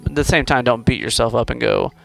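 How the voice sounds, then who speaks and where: Man with a gravelly voice, coaching playfully. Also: mid-range voice, fast, soft background music. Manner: encouraging, playful, prodding with questions. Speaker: host coaching a student. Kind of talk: conversational coaching interview.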